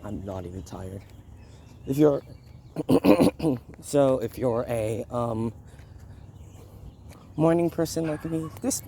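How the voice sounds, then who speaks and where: On a neighborhood walk outdoors, a young male vlog host who's slightly sick rambles through a casual walk-and-talk, cutting himself off with frequent laughs. His mid-range voice is creaky and dark in tone. Birds and a barking dog sit in the slightly noisy background.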